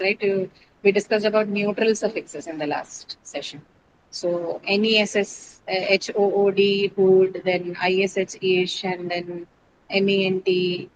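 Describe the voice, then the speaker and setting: A woman teaches an English lesson, working through word stress patiently and spelling out suffixes letter by letter. She keeps turning to her students with questions. There is a clear layer of noise behind her voice. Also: mid-range voice, muffled recording.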